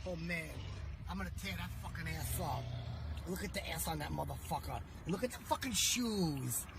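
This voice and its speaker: A man putting on the voice of a crude, vulgar loudmouth who rambles and yells at strangers. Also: fairly high pitch, animated, normal speed, gravelly, background noise. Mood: leering. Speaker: podcast co-host.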